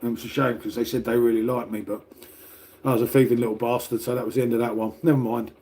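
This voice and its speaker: An older English man rambles to his livestream viewers in a mellow, dark-toned voice. He swears freely and tags "mate" onto nearly every remark. The talk stays loose and conversational. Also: mid-range voice, little pitch movement, quick pace. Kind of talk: casual livestream chat with viewers. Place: at home, making coffee.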